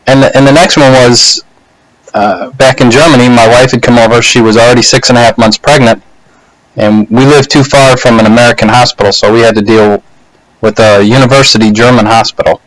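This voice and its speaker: A man speaks into his laptop webcam in a small room, telling a personal story in an easygoing way. His voice sits at an average pitch and sounds dry and close, with no room echo. He pauses often, filling gaps with soft hesitations. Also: fairly even intonation. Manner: unhurried, halting, many "uh" and "you know" pauses. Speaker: speaker giving a practice speech. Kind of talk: casual personal storytelling to camera.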